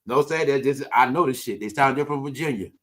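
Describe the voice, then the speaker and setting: A man's voice: mid-range voice, quick pace, fairly bright tone. A man hosting a podcast, talking in a casual, profane and emphatic way and repeating his points. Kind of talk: casual chat.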